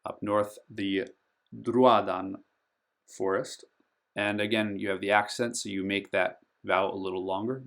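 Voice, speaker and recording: Slow, gravelly man teaching pronunciations. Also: deep voice. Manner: slow and careful, stretching out the names he teaches, with frequent ums; voice loudens on each name. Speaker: board game channel host. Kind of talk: pronunciation tutorial over a map.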